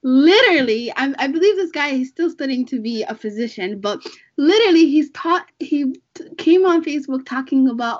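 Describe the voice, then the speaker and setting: A woman's voice: sits high, moderate pace, lo-fi sound. A woman in casual chat retelling a story, quoting people and swearing in frustration. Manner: animated retelling, quotes people, profane.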